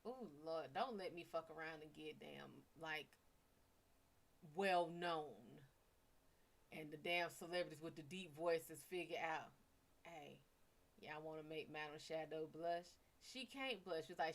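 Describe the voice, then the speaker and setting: A woman's voice: deep voice, measured pace, a bit bright. A woman with a Cajun-tinged accent, chatting casually on a livestream as a psychic reader, rambling and profane with laughing asides.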